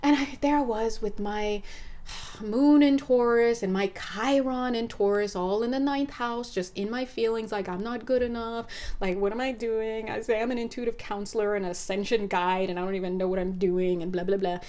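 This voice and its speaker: A woman speaking as an intuitive counselor in a casual spiritual monologue, animated and laughing often as she acts out conversations. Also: on the high side, moderate pace.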